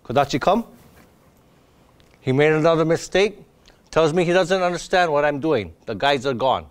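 A man demonstrating dog obedience training, calmly explaining each step and breaking into high, happy praise for the dog. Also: normal speed. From Hawaii. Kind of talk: outdoor demonstration lesson.

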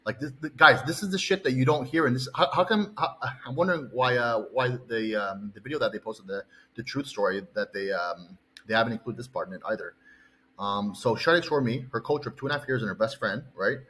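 A man's voice: medium pitch, brisk, a bit bright, poor audio. Heated, foul-mouthed male coach ranting. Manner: heated, profane, rambling. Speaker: bodybuilding coach. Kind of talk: angry personal story vlog.

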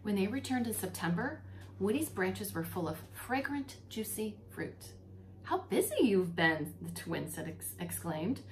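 A preschool teacher, a woman, reading a story aloud to young children, expressive and talking to them directly. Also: mid-range voice, unhurried, slight background noise. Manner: animated and expressive, talks to children.

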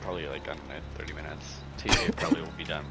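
A man who has just woken up, with a husky voice, chatting loosely in online voice chat while gaming, rambling and swearing. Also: a bass voice, fairly even intonation, rapid-fire. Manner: loose, profane, rambling, with filler words. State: groggy and husky, just woke up. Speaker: gamer in voice chat. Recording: loud background noise.

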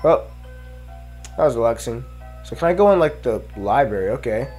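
A man's voice: mid-range voice, lively intonation, moderate pace, pauses often, darkish tone, husky, soft background music. A man giving casual let's play commentary, mumbling and thinking aloud as he explores. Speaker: gameplay commentator.

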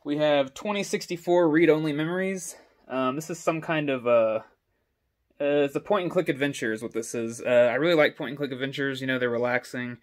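A man's voice: fairly high pitch, brisk. A young man giving a casual, rambling walkthrough of his game collection at home, filmed on a selfie stick, full of ums and uhs. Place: indoor home with stairs. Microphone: selfie stick camera.

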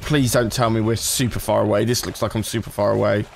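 A man's voice: on the low side, little pitch movement, fast, gravelly, slight background noise. A man commentating live as he plays, swearing and talking to his chat. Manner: swearing, frustrated, talks to chat. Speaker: gaming streamer.

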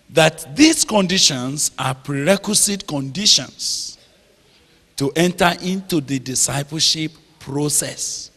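A man preaching a sermon, slow and emphatic, drawing out phrases and checking in with the audience. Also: a little high, fairly bright tone. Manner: slow, emphatic, drawn-out phrases with call-and-response questions. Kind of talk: sermon teaching. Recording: long hall reverb.

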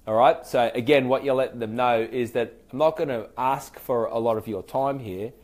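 A man with an Australian accent teaching sales call technique in a relaxed, conversational way, full of fillers and restarts. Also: mid-range voice, normal speed. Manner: chatty, loose and hesitant, many fillers and restarts; acts out sample phone greetings. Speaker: sales trainer. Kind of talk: conversational training talk.

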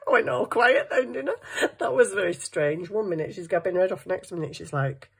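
A woman's voice: mid-range voice, lively intonation, moderate pace, vocal fry, a bit bright, husky. A middle-aged woman, rambling and joking at herself while she does crafts at her desk at home. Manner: rambling, self-mocking, talks to herself while working. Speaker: craft vlogger. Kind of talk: chatty crafting vlog.

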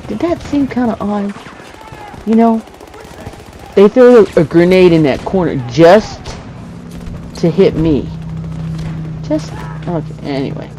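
Male gamer, joking commentary, high voice, slow unhurried delivery. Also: animated, mellow, faint music behind, low-quality recording. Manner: jokey, chuckles often, talks back to the game. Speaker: gamer narrating his play. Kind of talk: casual gameplay commentary.

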